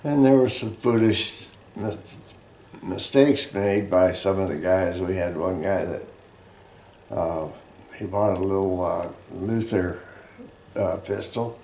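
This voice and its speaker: A man in his eighties from Colorado, a veteran telling his life story in a halting, rambling way with many fillers. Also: deep voice, fairly even intonation, a little mellow, a little hiss or hum. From Colorado, United States. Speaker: veteran interviewee. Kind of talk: oral history storytelling. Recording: roomy echoey room.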